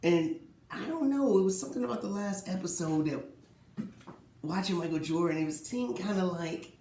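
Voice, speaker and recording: Animated man ranting about sports, echoey room. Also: high-pitched, normal speed. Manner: animated, rhetorical questions, mocking quotes. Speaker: sports talk host. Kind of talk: casual solo sports commentary.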